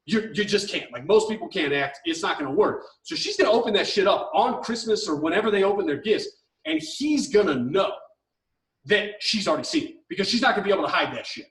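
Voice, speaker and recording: A man's voice: sits high, lively intonation, fast, fairly bright tone, echoey room, distant mic, poor audio. A man co-hosting an advice podcast, ranting heatedly with lots of swearing and mocking impressions of the people he talks about. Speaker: podcast co-host.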